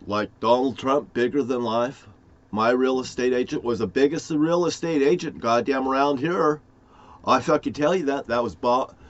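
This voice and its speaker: A man rambling profanely to camera in a conspiratorial monologue, jumping from topic to topic with sudden loud outbursts. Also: medium pitch, dull audio. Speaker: vlogger.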